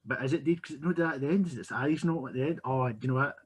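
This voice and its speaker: A man's voice: mid-range voice, very fast, breathy edge. A man co-hosting a casual film chat, meandering and questioning himself as he talks. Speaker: podcast co-host.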